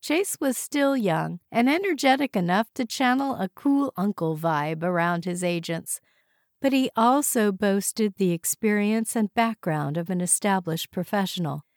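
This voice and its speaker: A woman reading a novel aloud as audiobook narrator in an even, measured way. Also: medium pitch, no echo, clean studio sound.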